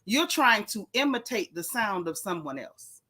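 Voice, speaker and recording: A woman's voice: mid-range voice, big pitch swings, measured pace, pushed and bright, slightly rough. A woman hosting a casual chat, talking emphatically and at length about her opinions. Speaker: host.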